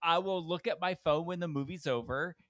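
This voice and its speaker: A man co-hosting a podcast in casual chat, talking in halting bursts full of restarts. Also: on the high side, fairly bright tone, dry recording. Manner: halting, restarts often, then laughs. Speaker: podcast co-host.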